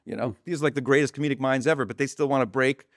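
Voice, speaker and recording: A male comedian telling a story with animated energy, acting out the people in it. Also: mid-range voice, very fast, dry recording, clean studio sound. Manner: animated, breathless, acts out every voice. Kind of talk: podcast anecdote.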